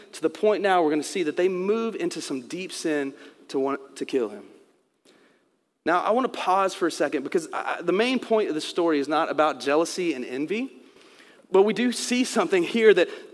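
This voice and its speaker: A man's voice: fairly high pitch, animated, normal speed, big-room sound. A man preaching a sermon, explaining scripture in a conversational way and acting out quotes. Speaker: pastor.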